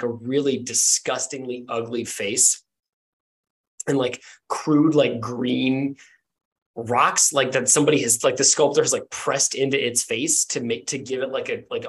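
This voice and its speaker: A man running a tabletop game as its game master, narrating in a rambling way full of filler words. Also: mid-range voice. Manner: rambling, full of ums and likes.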